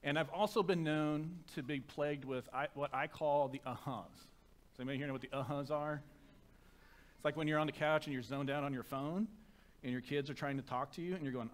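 A man preaching a sermon to a church congregation through a microphone, conversational and self-deprecating, turning soft and reverent in prayer. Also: a little high, steady tone, quick pace. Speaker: pastor. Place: church sanctuary.

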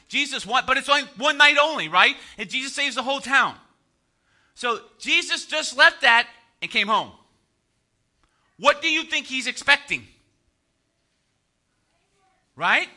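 A man's voice: very high voice, sharp tone. A man preaching a sermon as pastor, conversational and joking, often tossing out "right?" to the congregation.

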